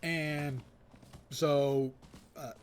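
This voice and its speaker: Here an American man from the United States chats very slowly during a game stream, his voice a little high and his intonation fairly even. The talk is casual gameplay chatter full of rambling asides and repeated self-corrections.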